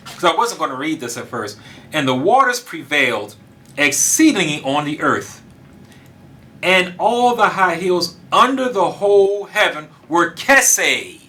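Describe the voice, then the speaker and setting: A man delivering a sermon in a high, piercingly bright voice. He talks in a casual, colloquial way and turns to his listeners directly. He presses his points with fervent emphasis. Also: big pitch swings, measured pace. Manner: fervent, rising to loud emphatic preaching; casual colloquial speech, addresses audience directly. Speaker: preacher.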